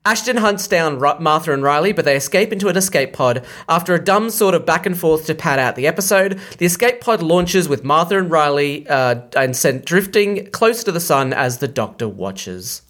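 A man's voice: fairly high pitch, expressive, a bit bright. A man co-hosting a podcast, recapping a TV episode and joking around in casual chat. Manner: jokey, quick, recaps the plot. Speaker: podcast co-host.

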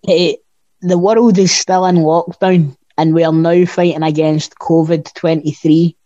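A man's voice: on the high side, flat delivery, slow pace, mellow, no echo, dull audio. A Scottish man co-hosting a podcast, chatting casually with blunt, sweary banter. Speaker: podcast co-host. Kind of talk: casual chat.

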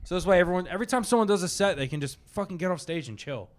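A man's voice: sits high, expressive, rapid-fire. A young man and comedian in casual chat, explaining his plans at length and swearing freely. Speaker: comedian and show producer.

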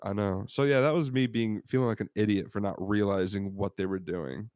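A man with a fairly low voice tells a rambling personal story in casual podcast chat, slipping into the voices of the people he quotes. The sound is close and dry, with no room around it. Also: brisk, a little mellow, dry recording. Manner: rambling anecdotes with laughs, acts out quotes. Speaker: podcast co-host.

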